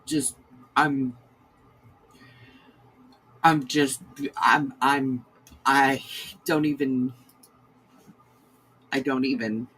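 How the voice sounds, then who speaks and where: A woman, a crochet host chatting to her livestream viewers in a sentimental, halting way. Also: a bass voice, steady tone, fairly bright tone, slightly rough, rough recording. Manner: sentimental, halting, many restarts. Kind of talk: casual livestream chat to viewers.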